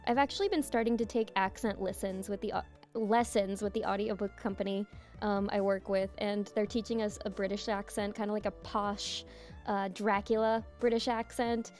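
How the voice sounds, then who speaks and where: A young woman streaming a visual novel, reading narration aloud softly and chatting with giggles in between. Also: medium pitch, fairly even intonation, moderate pace. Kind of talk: reading a game aloud with casual commentary. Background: game music.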